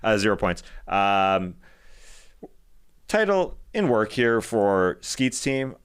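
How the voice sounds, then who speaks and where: A man's voice: fairly low pitch, big pitch swings, slow, clear, resonant tone. An American man co-hosting a podcast, chatting casually about basketball, rambling and correcting himself as he goes. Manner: rambling, self-correcting, laughs easily. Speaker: podcast co-host. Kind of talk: casual sports chat.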